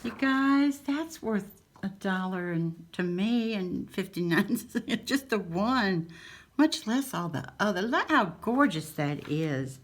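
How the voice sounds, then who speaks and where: At home, a woman hosts a casual craft haul for her channel, gushing and cooing over each item as she shows it off. Her mid-range voice has lively intonation and a slow pace.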